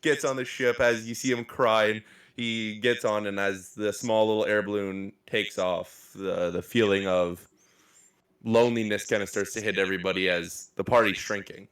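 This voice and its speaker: A man's voice: on the low side, steady tone, moderate pace, fairly bright tone. A man narrating as game master in a casual, rambling way, swearing offhandedly. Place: live-streamed game session.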